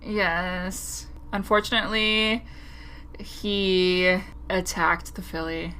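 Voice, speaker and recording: A woman's voice: on the low side, level tone, slow, bright, forceful tone, slight background noise. A woman co-hosting a casual podcast chat, laughing often and talking in loose, hedging run-on sentences. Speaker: podcast co-host.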